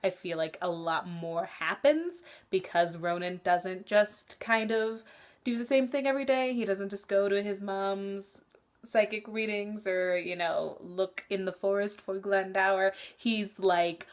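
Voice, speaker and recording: A woman's voice: mid-range voice, a little slow. A young woman vlogger in casual chat about a book she is rereading, candid and swearing often.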